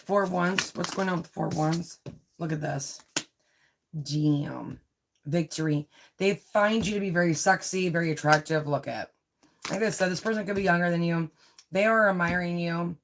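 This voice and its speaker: This tarot reader, a mother of Italian heritage, confides chattily during a live reading, repeatedly asking "right?" and saying "you know." Her voice is lowish at a normal speed, with a little hiss or hum in the audio.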